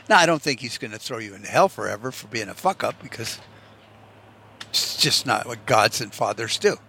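A man's voice: medium pitch, fairly bright tone. A man giving a rambling, casual monologue, full of swearing and rhetorical what-if questions. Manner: profane, musing, rhetorical what-ifs. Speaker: vlogger.

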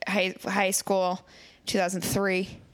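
A woman's voice: medium pitch, completely flat delivery, slow, rough recording. A woman from Wisconsin in casual podcast chat, telling a playful story and acting out the people in it.

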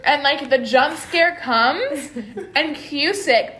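A young woman co-hosting a podcast in casual chat, telling stories in an animated, rambling way full of "like". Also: sits high, slow. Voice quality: rambling and animated, heavy "like" filler. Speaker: podcast co-host. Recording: echoey room.

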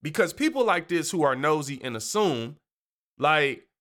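A man hosting a show, telling a story in a casual, animated, slangy way and laughing often. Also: a little high, moderate pace. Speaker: podcast host.

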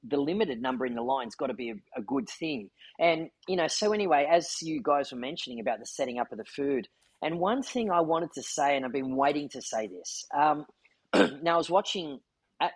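A man's voice: fairly high pitch, breathy edge, no room sound, rough recording. A man hosting a podcast, telling a story in an earnest, heartfelt way. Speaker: podcast host. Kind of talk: casual chat.

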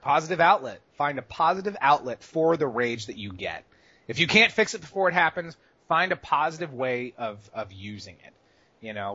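A man giving casual advice on a podcast, animated, swinging between loud bursts and quiet asides, with some swearing. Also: a little high, moderate pace, breathy edge, no room sound. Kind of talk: casual advice chat about gaming rage. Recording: dull, slightly lo-fi dry sound.

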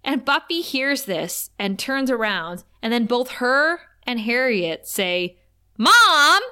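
A woman co-hosting a casual show recap, lively and quick to laugh, acting out scenes as she retells them. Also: fairly high pitch, smooth. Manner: animated, laughs often, acts out scenes. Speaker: podcast co-host.

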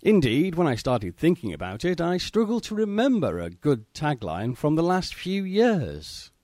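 A man's voice: a little high, huge pitch swings, darkish tone, no room sound, studio quality. A man reading a prepared, articulate message of congratulations and questions to a podcast. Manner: measured, articulate, fond. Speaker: listener sending voice feedback.

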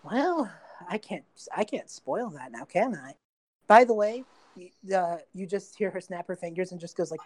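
A woman playing a tabletop game, chatting quickly with the table. She keeps narrating her own character's actions as she goes. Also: fairly low pitch, animated. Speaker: player.

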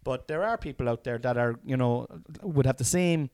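A man's voice: mid-range voice, normal speed, a little mellow, no echo. A man, a father and podcast co-host, chatting in a reflective, rambling way with frequent restarts. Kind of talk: casual chat.

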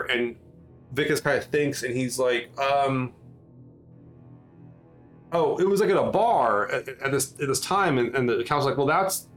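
Halting male game master, faint music. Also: mid-range voice, a bit bright. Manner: halting, filler-heavy narration with many restarts. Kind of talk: narrating a tabletop game.

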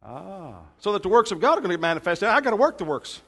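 Man, pastor, church sermon, emphatic, joking asides, fairly high voice. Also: very animated, quick pace, breathy edge. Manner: emphatic, bursts louder for scripture and punchlines. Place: church sanctuary.

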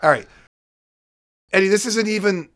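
A man's voice: sits high, moderate pace, a bit bright. A man co-hosting a casual podcast, talking emphatically and with mock exasperation to his co-host. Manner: emphatic, exasperated rants, addresses co-host by name.

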